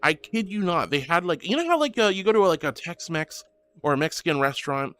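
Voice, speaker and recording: High, lively, bright-voiced man streamer. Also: a little fast. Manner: gushing, affectionate, giggly. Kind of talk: casual livestream, reading chat aloud.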